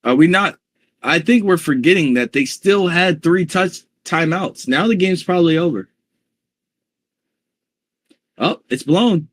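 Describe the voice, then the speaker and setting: A man giving excitable live play-by-play commentary on a football game, reacting loudly to each play. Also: fairly high pitch, moderate pace.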